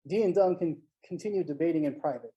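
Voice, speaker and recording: Author reading their story out on a live stream, super warm dark tone, steady and even. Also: mid-range voice, fast, dull audio. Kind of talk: live reading of a first-person short story. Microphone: home mic on a live online stream.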